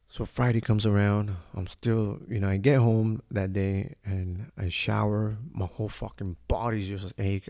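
A man's voice: fairly low pitch, dark tone. A man hosting a podcast, telling a personal story in a casual, profane, laid-back way and acting out what people said. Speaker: podcast host.

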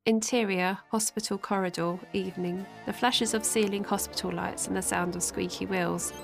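A woman narrating an audio drama, reading scene directions in a steady voice. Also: fairly low pitch, gravelly.

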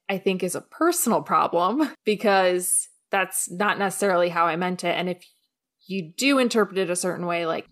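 A young woman hosting a podcast, chatting casually and speeding up in quick bursts when she gets worked up. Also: medium pitch. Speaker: podcast host.

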